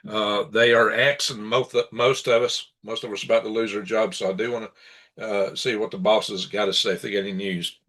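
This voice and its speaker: A man hosting his own live stream, his voice bright and forward. He talks in a loose, rambling way, venting his aggravation between small chuckles. It sounds like casual, off-the-cuff commentary into a computer setup. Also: on the low side, flat delivery, normal speed. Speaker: live-stream show host. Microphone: computer setup for live broadcast.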